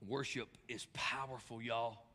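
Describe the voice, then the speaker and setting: Impassioned pastor in a big echoing church. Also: male voice, steady tone, a little slow, sharp tone, a little hiss or hum. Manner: impassioned preaching, rising to high emphatic bursts. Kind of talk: sermon. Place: large church hall. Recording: long church hall reverb.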